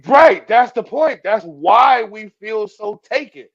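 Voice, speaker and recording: A man's voice: sits high, animated, slow, vocal fry, no room sound, muffled recording. A man co-hosting a podcast, arguing about rap lyrics in an emphatic, profane way and counting syllables aloud. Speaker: podcast co-host.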